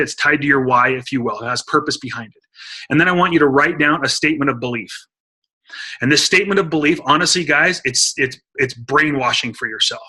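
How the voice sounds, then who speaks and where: A middle-aged man giving an energetic coaching talk to a sales team on a conference call, urging listeners he calls guys. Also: fairly high pitch, breathy edge. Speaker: motivational speaker on a team call. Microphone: phone or computer mic on a conference call.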